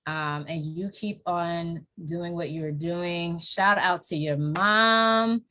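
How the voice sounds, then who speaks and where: A woman from New York with a New York accent, hosting a casual live-stream interview and cheering her guest on with playful, lively energy. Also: lowish voice, slow. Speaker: host.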